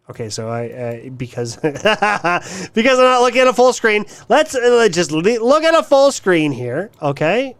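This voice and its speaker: A man's voice: high voice, sing-song, normal speed, fairly bright tone, dry recording. A man hosting a livestream, ranting casually in a mocking, crude way and swearing often. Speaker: livestream host.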